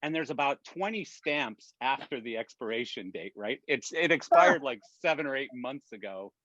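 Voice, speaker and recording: A man tells an animated, rambling story at a middling pitch, restarting his sentences often. He is on a video call, and the audio is dull and dry. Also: moderate pace, dry recording. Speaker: production industry guest. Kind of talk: casual storytelling.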